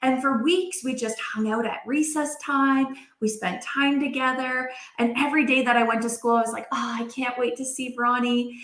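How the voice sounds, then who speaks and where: Woman host in her 40s, chatty live-video storyteller, high bright voice, echoey room. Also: moderate pace. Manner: chatty, animated, acts out quoted voices. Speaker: life coach hosting a live video. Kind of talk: casual storytelling to viewers.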